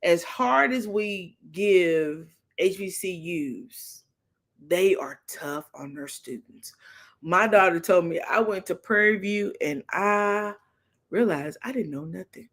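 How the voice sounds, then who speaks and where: A middle-aged woman, hosting a casual livestream chat, telling animated stories and laughing often. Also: medium pitch, slow. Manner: animated storytelling, laughs often, acts out her daughter's lines. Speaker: livestream talk show host. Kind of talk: casual chat with live chat viewers.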